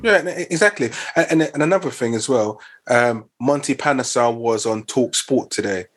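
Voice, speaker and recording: A man's voice: medium pitch, normal speed, breathy edge. A man in a casual chat, hesitant with fillers, then giving blunt opinions.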